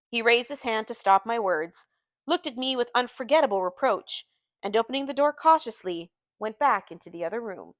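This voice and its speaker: A woman teacher reading a novel aloud to her class in an expressive, measured storytelling manner. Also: medium pitch, no echo, clean studio sound.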